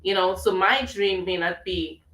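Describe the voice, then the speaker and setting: A woman's voice: mid-range voice, unhurried, fairly bright tone, reverberant, far from the mic, slight background noise, low-quality recording. A woman hosting a radio talk show, upbeat and motivational, a little under the weather with a tight throat. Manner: upbeat, motivational, laughs easily. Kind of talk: casual radio chat.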